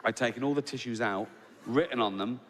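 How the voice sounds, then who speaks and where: A man's voice: medium pitch, a little fast, a bit bright. An English man in his sixties doing stand-up storytelling, tagging lines with "right?" and laughing through his own jokes. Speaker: stand-up comedian. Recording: long hall reverb.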